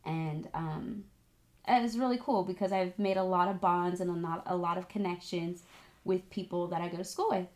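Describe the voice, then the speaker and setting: A young woman vlogger telling a personal story in a casual, animated and chatty way, turning tearful at moments. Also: fairly low pitch, moderate pace. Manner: animated, emotional, chatty with many "like"s. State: tearful at times. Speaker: vlogger, esthetics student.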